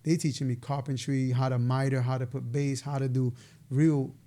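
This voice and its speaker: Animated New man, mellow voice. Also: medium pitch, moderate pace. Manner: animated, laughs while telling stories. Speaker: podcast guest. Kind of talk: casual storytelling interview.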